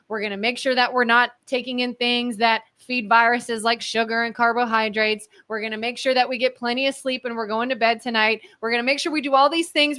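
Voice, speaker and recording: A woman's voice: on the high side, bright, forceful tone. A woman co-hosting a live local talk show, making emphatic points and walking through everyday examples. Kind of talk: casual talk show discussion.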